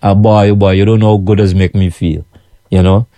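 Low, mellow Guyanese man chatting. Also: level tone, fairly quick, no echo. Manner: chatty, repetitive, keeps asking "you know what I'm saying". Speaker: food vendor running his own kitchen business. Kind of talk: casual monologue to followers.

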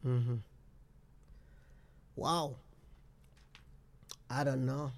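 A man hosting a talk radio call-in show, asking slow, probing questions. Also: medium pitch, steady tone.

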